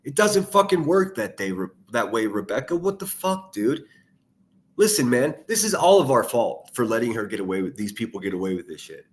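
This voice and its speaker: A man's voice: lowish voice, sing-song, brisk. A man ranting angrily over clips he plays, swearing heavily and hurling insults as a commentary youtuber. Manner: angry, profane, shouting insults.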